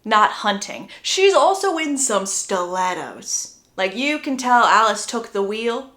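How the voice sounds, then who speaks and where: A woman's voice: sing-song, measured pace, a bit bright, roomy sound. Chatty young woman recapping a story. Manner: chatty, acts out quotes with pitch jumps. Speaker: book summarizer.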